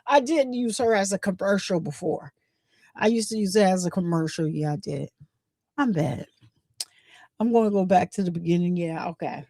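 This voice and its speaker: A woman, hosting a casual gossip livestream, telling the story in a chatty, animated way and acting out what others said. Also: medium pitch, no room sound. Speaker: livestream host.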